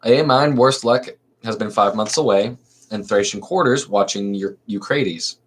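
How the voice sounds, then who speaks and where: A man's voice: lowish voice, a little slow, slightly rough. A man reading a gossipy young woman. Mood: chatty. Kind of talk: amateur play reading.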